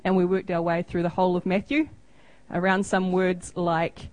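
A woman in her thirties with a New Zealand accent speaks at a moderate pace in a low, level, darkish voice. She gives a chatty, self-deprecating missionary report over photos, acting out little exchanges, on a dry, low-quality recording.

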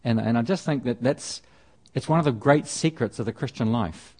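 At a moderate pace, a preacher with a slightly rough, middle-range voice delivers a relaxed, chatty sermon. Working through a passage, he frequently goes back to repeat words and begin his sentences again.

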